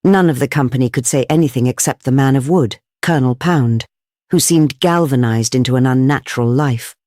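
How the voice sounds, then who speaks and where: An audiobook narrator reading a classic detective story in a measured, even way. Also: mid-range voice, no echo, studio quality. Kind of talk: scripted narration of a classic novel.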